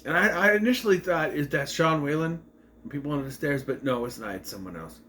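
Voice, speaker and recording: Man reviewing an episode, higher voice with a very bouncy pitch, loose and rambling, stops to correct himself. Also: lively intonation, fast talker, pushed and bright, a little hiss or hum. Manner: rambling, self-correcting, acts out scenes while retelling. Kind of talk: casual recap and review.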